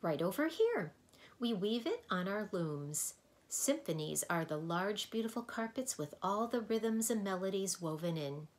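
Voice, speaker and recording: A woman's voice: medium pitch, lively intonation, unhurried, lightly acted. Fussy, bossy sound keeper, a woman reading. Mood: cheerful. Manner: prim, bossy. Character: fussy stubborn woman who keeps sounds. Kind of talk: storybook read-aloud.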